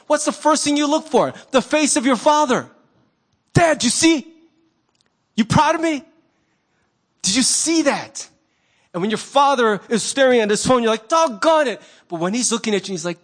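A man preaching a sermon as pastor, conversational and animated, acting out little quoted voices. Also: high-pitched.

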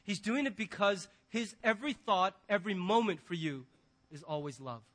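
A middle-aged man, a pastor, preaching a sermon and telling stories with animated quoted voices. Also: high-pitched, normal speed.

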